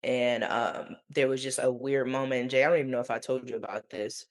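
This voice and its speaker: A man, a teacher co-hosting a podcast, telling stories in an animated way over a video call, laughing often and going high when quoting. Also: brisk. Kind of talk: casual storytelling.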